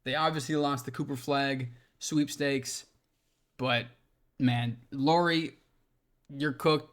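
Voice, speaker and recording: A young man from Minnesota ranting about basketball trades in a loose, profane, excitable way. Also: medium pitch, slow. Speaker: sports commentator. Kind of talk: casual opinion rant.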